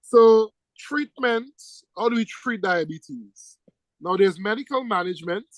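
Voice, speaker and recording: Lively male teacher quizzing his class. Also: high voice, unhurried, no echo, rough recording. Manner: lively, teasing, quizzes students with questions. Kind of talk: classroom lecture.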